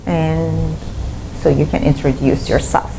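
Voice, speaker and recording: A woman's voice: low-pitched, flat delivery, unhurried, gravelly, warm tone, slight background noise, rough recording. A woman teaching an online English lesson, explaining step by step and repeating her examples. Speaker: English teacher and language school founder.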